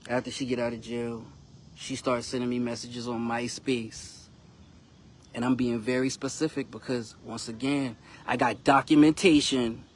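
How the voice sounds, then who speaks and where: A man's voice: mid-range voice, flat delivery, normal speed, slight background noise. A young man, a rapper telling his son a frustrating personal story in a casual, emphatic vlog full of slang. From South Carolina, US.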